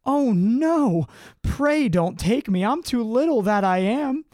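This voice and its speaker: A man voicing the smallest billy goat, a timid little creature with a small high voice. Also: lively intonation, slow pace, a little mellow, no echo, studio quality, heavily acted. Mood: pleading. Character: tiny timid young billy goat, pleading.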